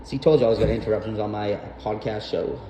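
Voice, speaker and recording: A man's voice: lowish voice, steady tone, quick pace, warm tone. A young man hosting a podcast, telling a rambling personal story full of swearing and fillers. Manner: rambling, profane, frequent fillers. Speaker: podcast host. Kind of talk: casual storytelling monologue. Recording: roomy echo, faint background noise.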